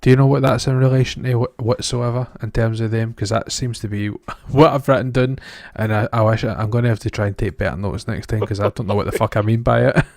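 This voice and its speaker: In a casual film review, this Scottish co-host rambles along with self-deprecating humor and frequent laughter. He talks quickly with few pauses, in a lowish, darkish voice of steady tone, captured cleanly in studio quality with no room sound.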